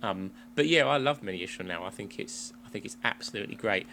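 Englishman, podcast co-host, bright, rambling chatter, faint hum. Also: on the low side, animated, fast. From England. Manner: chatty, laughs often, rambling restarts. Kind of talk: casual chat.

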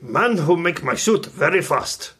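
A man putting on a slow wise old sage voice. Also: medium pitch, flat delivery, slightly rough. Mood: solemn. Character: wise old Japanese man clue-giver.

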